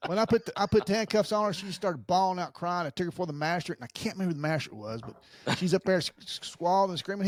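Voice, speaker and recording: Animated high-voiced man telling stories. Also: racing. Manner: animated storyteller, laughs often. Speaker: podcast co-host, former police officer. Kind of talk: casual storytelling chat.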